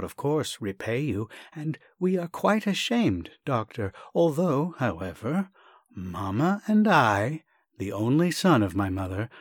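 A man's voice: medium pitch, no echo, voice pushed up. A man voicing a nervous, over-polite young man in a dry storybook reading, agitated and repeating himself. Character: earnest nervous young man, fussy and grateful.

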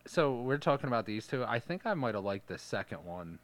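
A man with a fairly low voice co-hosting a casual movie podcast. He jokes and curses freely in a relaxed back-and-forth with his co-host. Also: brisk. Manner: profane, laid-back, jokey banter. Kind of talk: casual movie-review chat.

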